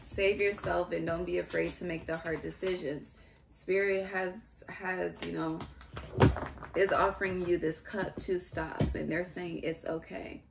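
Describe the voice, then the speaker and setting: A young adult woman giving a casual tarot reading, musing aloud in halting fragments and restarts. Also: fairly low pitch, level tone, gravelly, heavy background noise. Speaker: tarot reader.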